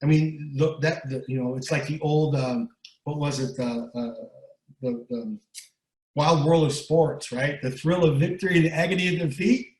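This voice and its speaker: This guest speaker and recovery coach, a middle-aged man, talks at a moderate pace in a fairly high voice. Interviewed as a guest, he delivers motivation forcefully, repeating words and constantly tacking on "right?" The audio is poor and the room echoes.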